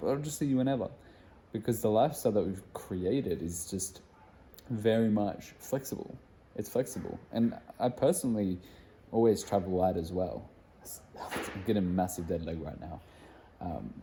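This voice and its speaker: A man's voice: lowish voice, slight background noise. Laid-back young male fitness vlogger. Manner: relaxed, rambling, lots of fillers. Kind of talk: casual vlog talk to camera.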